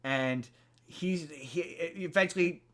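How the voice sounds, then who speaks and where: A man's voice: fairly high pitch, slow, fairly bright tone. A man hosting a podcast, casually retelling a movie's plot in a rambling way, full of fillers and restarts. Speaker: podcast host.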